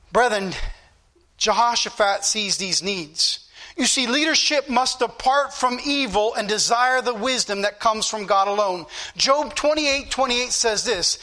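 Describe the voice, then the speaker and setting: Man, middle-aged, pastor, impassioned sermon, high pitched, bright. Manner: impassioned preaching with shifting pace and emphasis.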